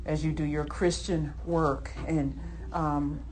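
A woman preacher giving a Sunday sermon, emphatic, acting out heated prayers and then settling into calm teaching. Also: sits low, slow pace, slight background noise. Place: church service.

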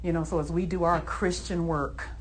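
A woman preacher giving a Sunday sermon, emphatic, acting out heated prayers and then settling into calm teaching. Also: fairly low pitch, moderate pace, a little hiss or hum. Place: church service.

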